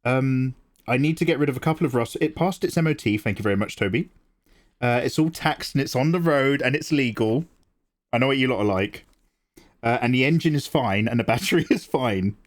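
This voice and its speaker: A middle-aged British man hosting a livestream, chatting casually with viewers and answering them with quick jokes and asides. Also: mid-range voice. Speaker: livestream host. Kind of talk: casual chat with viewers while drawing.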